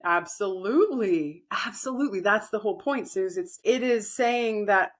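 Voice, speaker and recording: A woman co-hosting a podcast, calmly explaining spiritual ideas and acting out inner dialogue. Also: mid-range voice, normal speed. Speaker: podcast co-host. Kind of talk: casual spiritual chat.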